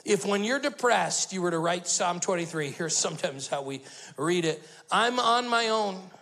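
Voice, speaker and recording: A man, the lead pastor, preaching a sermon, telling stories and building to loud emphatic bursts. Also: high-pitched, moderate pace, rough recording.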